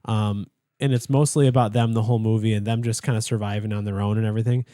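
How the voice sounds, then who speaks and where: A man's voice: lowish voice, steady tone, quick pace, warm tone, no room sound. A young man co-hosting a podcast in a studio, telling a long story in casual chat, full of fillers and restarts. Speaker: podcast co-host.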